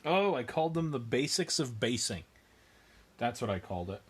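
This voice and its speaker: A man's voice: medium pitch, sing-song, normal speed, fairly bright tone, slightly rough. A man hosting a miniature painting livestream, chatting casually as he works and answering viewers with dry, self-mocking humor.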